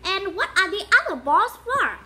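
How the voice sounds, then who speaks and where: A woman's voice: extremely high pitch, pitched above the performer's own voice, exaggerated voice. A woman reading as an eager chatty young boy. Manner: excited rapid questions.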